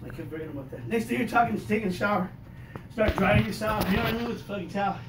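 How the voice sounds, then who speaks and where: Loud profane older man doing stand-up. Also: high-pitched, racing. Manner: profane, loud, animated storytelling. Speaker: stand-up comedian. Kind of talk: stand-up comedy set. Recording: echoey room, mic heard from a distance, noisy.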